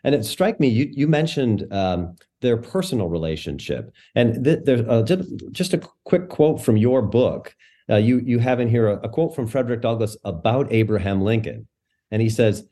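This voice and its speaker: A man hosting an interview, asking thoughtful, halting questions with small stumbles. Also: mid-range voice, lively intonation, mellow. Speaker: interview host.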